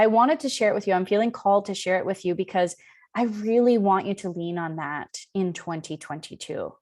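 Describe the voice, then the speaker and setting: A woman in her thirties giving a live spiritual session, telling personal stories casually with frequent ums. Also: mid-range voice. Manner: casual, warm-hearted storytelling with frequent ums. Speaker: spiritual teacher. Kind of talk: live online session talk.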